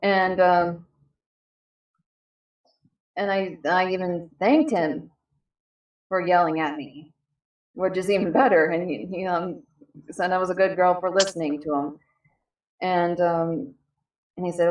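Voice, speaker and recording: A young woman telling a personal story casually, halting with many fillers and restarts. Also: lowish voice, steady tone. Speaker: panel guest. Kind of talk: casual storytelling on a live stream. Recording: echoey distant mic.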